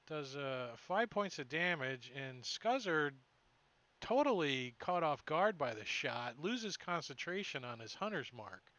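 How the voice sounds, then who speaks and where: A man narrating as dungeon master of an online tabletop game, chatty and lively, with sound effects. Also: a little high, unhurried, no echo.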